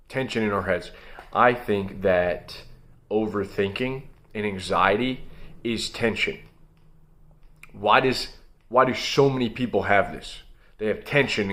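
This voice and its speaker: A young man hosts his own video channel, coaching listeners directly through a blunt, emphatic motivational monologue. His voice sits in the mid range.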